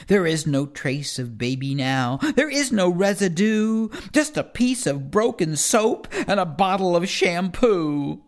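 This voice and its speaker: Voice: medium pitch, animated, measured pace, few pauses. A reader performing rhyming children's poems in a first-person kid's voice, with a playful sing-song delivery.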